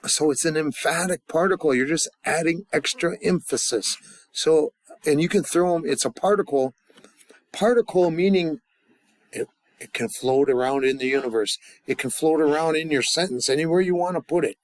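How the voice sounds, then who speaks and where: Man teaching grammar with halting restarts. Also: fairly high pitch, no echo. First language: English. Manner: halting, many restarts and fillers, joking asides. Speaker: language teacher. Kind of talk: casual grammar lesson.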